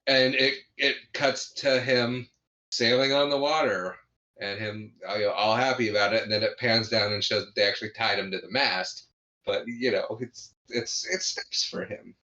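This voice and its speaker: Low bright-toned man recapping a movie. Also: steady tone, normal speed, highs cut off. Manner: retells scenes with frequent restarts and laughter. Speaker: podcast co-host. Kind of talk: casual movie review chat.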